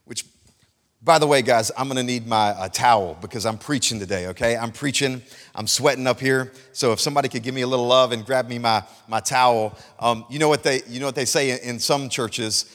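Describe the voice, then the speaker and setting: A man preaching a sermon to a congregation, emphatic and animated, repeating key phrases for effect. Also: mid-range voice, brisk. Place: church hall. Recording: long hall reverb.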